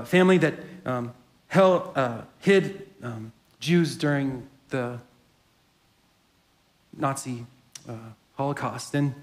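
A pastor giving a sermon and reading a story aloud in a reflective storytelling manner. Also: male voice, medium pitch.

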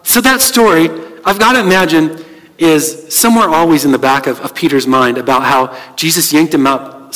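A man gives a relaxed, conversational sermon, often restarting his phrases. His voice sits a little on the high side. Long reverb from a church hall hangs behind his words. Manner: conversational, many restarts and fillers. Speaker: pastor.

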